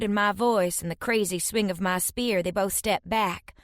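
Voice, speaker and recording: A woman narrating a fantasy romance audiobook in first person, reading tensely and dramatically, voicing shouted dialogue. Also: medium pitch, steady tone, normal speed, dry recording, studio quality.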